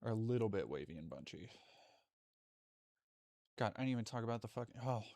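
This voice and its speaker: A man's voice: on the low side, sing-song, a little fast, dark tone, no room sound. A man live streaming, chatting with his viewers in a rambling way, cutting himself off and swearing now and then. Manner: rambling, self-interrupting, swears casually. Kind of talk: casual live-stream chat.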